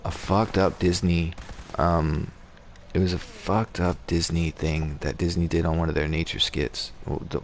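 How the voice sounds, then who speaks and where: Low gravelly man chatting while gaming. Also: little pitch movement, measured pace, slight background noise. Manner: rambling, swears casually, restarts sentences. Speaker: gaming streamer. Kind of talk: casual gaming chat.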